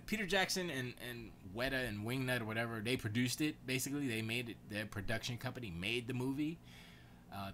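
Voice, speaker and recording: A man hosting his podcast and rambling through casual, slangy stories. His bright voice swoops up and down all the time. A faint hiss stays underneath. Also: mid-range voice. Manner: animated storytelling with voiced quotes, slangy. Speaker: podcast host.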